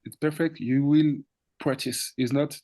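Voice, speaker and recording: Man, lively storytelling DJ. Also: fairly high pitch, a little slow. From France. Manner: animated, laughing, acts out quoted dialogue. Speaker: DJ guest. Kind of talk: casual storytelling interview.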